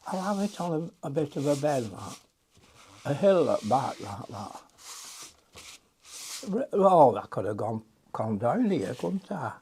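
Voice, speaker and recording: A man's voice: mid-range voice, very animated, measured pace, long pauses, dark tone, breathy edge. An older man, chatting and muttering to himself as he demonstrates a watercolour painting.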